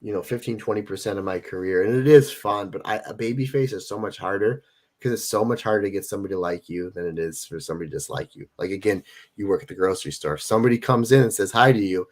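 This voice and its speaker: A wrestler in his forties appears as an interview guest, speaking quickly in a fairly low voice. In loose, casual conversation, he makes his points emphatically and drives them home through repetition.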